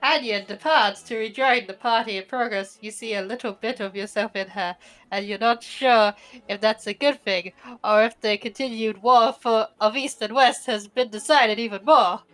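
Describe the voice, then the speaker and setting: A woman narrates a tabletop game as its game master, playful and quick to laugh. Her voice sits a bit high and sounds bright and forceful.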